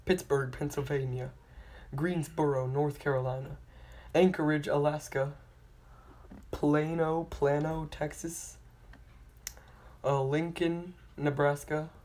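A channel host slowly reading out a long list of place names, stumbling on hard ones, retrying them and apologizing for mispronouncing. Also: medium pitch, steady tone, a little mellow. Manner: apologetic about pronunciation.

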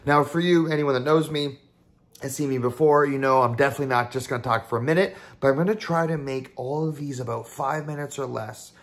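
A man's voice: mid-range voice, brisk. A man, a therapist, talking casually to camera about mindfulness in an upbeat, conversational way, now and then acting out people's inner voices.

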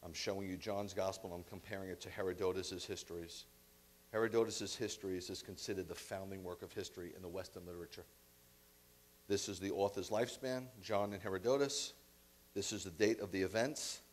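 A man's voice: low voice, fairly even intonation, fairly quick, slight background noise. A man preaching a sermon as rabbi, emphatic and conversational with blunt asides.

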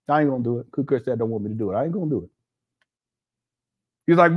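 A man's voice: medium pitch, lively intonation, quick pace, long pauses, slightly rough. Joking man chatting while eating. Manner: joking, laughing, mocking asides. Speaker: commentary channel host. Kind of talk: casual reaction commentary.

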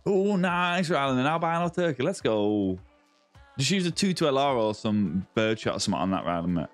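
A man with a Lancashire accent, from northwest England near Yorkshire, live-streams a game, bantering and greeting viewers by name. His medium-pitched voice is very animated and a little fast, with faint music in the background.

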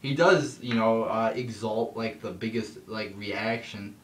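A man's voice: fairly low pitch, a little slow. A young man ranting casually, swearing often and rambling with lots of fillers and restarts, getting heated as he talks. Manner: gets heated, voice jumps up when mocking. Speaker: vlogger ranting. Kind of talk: casual rant monologue. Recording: echoey room, somewhat far from the mic, faint background noise.

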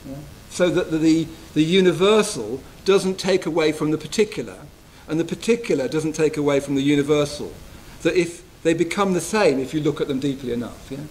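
Buddhist teacher, man, soft reflective delivery, slightly raised pitch. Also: brisk, hardly any pauses, slight background noise, rough recording. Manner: gentle, tender, often checks in with "yeah?". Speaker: Buddhist teacher giving a retreat talk. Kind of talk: reflective dharma talk. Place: retreat hall.

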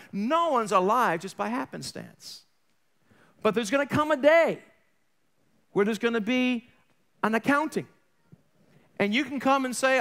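A man preaching an Easter sermon, telling stories and acting out the voices in them, swinging from loud to soft. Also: sits high. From New York area. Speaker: pastor.

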